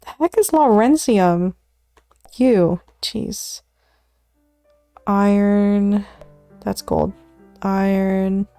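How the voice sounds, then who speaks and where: Woman, casual study-stream talk, dark warm tone, unhurried, soft music behind. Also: mid-range voice, no room sound. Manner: muttering element names to herself, often dropping to a whisper; self-deprecating, laughs at her own slips.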